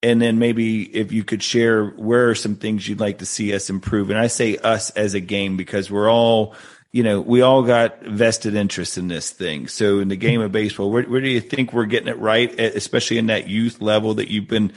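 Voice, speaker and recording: A man's voice: fairly low pitch, fairly even intonation, moderate pace. A man hosting a podcast, politely asking his guest a long, careful question. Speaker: podcast host. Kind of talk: interview questions.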